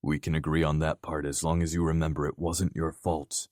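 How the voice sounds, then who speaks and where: A male narrator playing a gruff, protective young man with a clipped way of speaking. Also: very deep voice, level tone, brisk, a little mellow, no echo, studio quality. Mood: tender.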